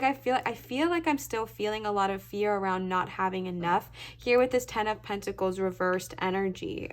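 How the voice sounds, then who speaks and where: Chatty young woman giving a tarot reading. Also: on the high side. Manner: chatty and reassuring, lots of "okay, bestie?" and "like". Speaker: tarot reader. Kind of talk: casual pick-a-card tarot reading to camera.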